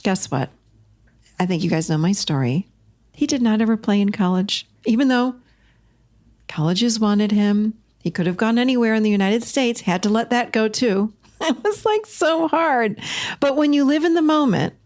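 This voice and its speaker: A middle-aged woman hosting a casual solo podcast, animated and expressive, swinging between bright emphasis and low confiding asides. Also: normal speed. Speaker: podcast host.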